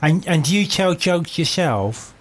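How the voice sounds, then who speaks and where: A man co-hosting a comedy radio show, jokey and quick to echo and interject. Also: on the high side, animated. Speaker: radio co-host. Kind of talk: playful comedy radio chat.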